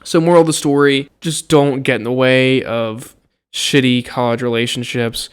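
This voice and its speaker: Young man, college student, casual storytelling, animated, exasperated, swears a lot. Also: medium pitch, moderate pace, smooth. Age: young adult. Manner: animated and exasperated, swears freely, acts out what others said.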